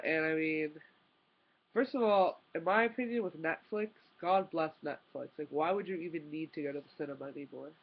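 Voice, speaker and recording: A woman's voice: sits low, muffled recording. A young woman vlogger telling a story in an exasperated, rambling way, full of "like" and restarts. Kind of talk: casual storytime rant.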